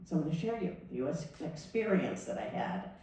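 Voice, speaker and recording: A woman minister gives a sermon in a church sanctuary, telling a personal story conversationally and acting out the dialogue. Her voice is low-pitched, very animated, brisk, and dark in tone, picked up from a distance in an echoey room.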